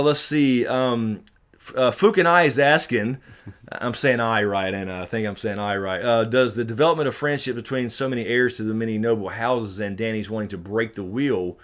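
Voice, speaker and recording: A man with a Southern American accent hosting a casual live stream. He reads viewer questions aloud and answers them, swearing freely and swinging from low mutters to loud, animated bursts. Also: normal speed.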